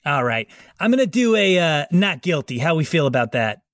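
Rambling, fairly high-voiced man as game master. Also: sing-song, normal speed, a bit bright, no echo, clean studio sound. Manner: rambling, many filler words and restarts. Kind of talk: improvised narration of a comedy tabletop game.

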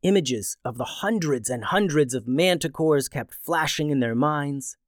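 A man hosting a children's story podcast and narrating in a friendly, expressive way. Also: a little high, unhurried.

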